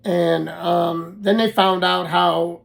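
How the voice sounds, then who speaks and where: Gravelly-voiced man telling his story. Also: high-pitched, level tone. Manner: halting, with many fillers and restarts. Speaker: podcast host telling his life story. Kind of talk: casual personal storytelling.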